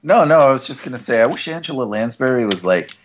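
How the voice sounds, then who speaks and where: A man's voice: medium pitch, animated, fast talker. A man co-hosting a podcast in casual chat, joking and laughing. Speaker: podcast co-host.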